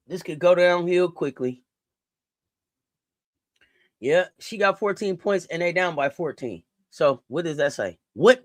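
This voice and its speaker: Animated woman reacting to a live game. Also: lowish voice, no echo, studio quality. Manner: exclamatory, talks straight to the players. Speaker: sports watch-along host.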